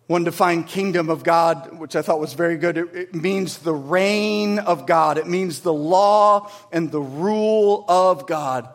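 A man preaching a sermon in an earnest, conversational way, swinging between emphatic peaks and quiet low passages. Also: unhurried, few pauses. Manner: conversational with tag questions and restarts. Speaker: pastor.

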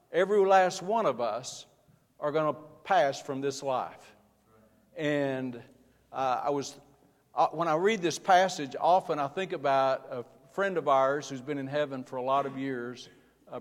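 Man preaching in a reverberant church. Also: on the high side. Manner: earnest preaching, builds in force. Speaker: pastor. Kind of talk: sermon. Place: church sanctuary. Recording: long hall reverb.

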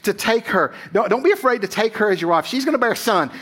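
A pastor playing an eager, urgent angel. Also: male voice, high-pitched, animated, fast talker, a bit bright, slightly rough, pitched above the performer's own voice, full character voice. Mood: urging. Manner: emphatic, urgent repeats. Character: eager male angel giving orders.

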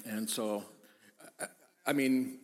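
A man's voice: fairly low pitch, steady tone, slow. Man preaching in a reverberant hall. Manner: builds from conversational to loud emphatic preaching. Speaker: pastor. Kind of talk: sermon. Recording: echoey hall with long reverb.

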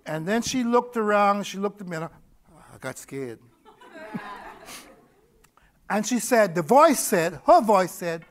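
High-voiced man preaching a lively testimony. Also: slow pace, pauses often. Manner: animated storytelling, laughing, repeats words. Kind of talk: testimony sermon.

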